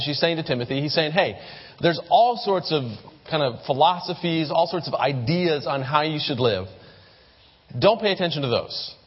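A male pastor delivers a sermon in a relaxed, talky way, often restarting his phrases. His voice sits a little high and a little husky. The recording is dull and lo-fi, with a long reverb from a large hall. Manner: conversational, self-correcting, repeats words.

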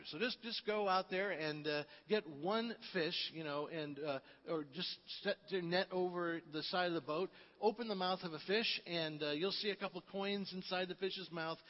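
A man voicing Jesus in a gentle, reassuring, conversational way, with little change from his own voice. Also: high voice, normal speed, close to an everyday voice. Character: calm kindly Jesus, grown man. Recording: reverberant, dull lo-fi.

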